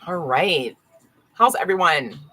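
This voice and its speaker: A woman's voice: fairly low pitch, expressive, slow pace, sharp tone, slightly rough, low-quality recording. A woman doing a casual live-stream tarot reading, chatty and full of "right?" and "okay?" asides, with dogs barking now and then. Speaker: tarot reader.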